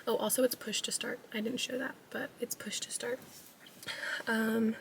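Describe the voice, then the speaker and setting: A young woman giving a soft-spoken ASMR car tour, chatty and full of fillers, often sliding into a whisper and a bit out of breath. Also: a little high, little pitch movement, normal speed, vocal fry, far from the mic, a little hiss or hum, rough recording. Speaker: ASMR vlogger. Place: inside a parked car.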